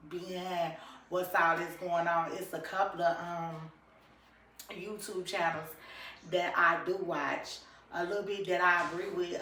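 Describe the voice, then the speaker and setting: This YouTube vlogger, a woman with a lowish voice, chats animatedly and casually with her audience, addressing them directly. She's recorded far from the mic in an echoey room, and there's slight background noise.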